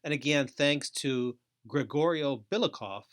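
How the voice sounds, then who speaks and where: Middle-aged guy hosting a training webinar, slow and deliberate, leans on key words. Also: mid-range voice, expressive, fairly bright tone. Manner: slow, deliberate, emphatic delivery with pauses. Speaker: host and trainer.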